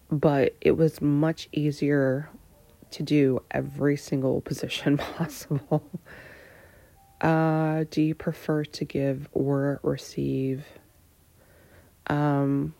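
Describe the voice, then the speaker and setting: A woman in her thirties answers personal questions candidly, hesitating and pausing a lot, sometimes dropping to a breathy near-whisper. Her voice is deep and mellow, with no echo.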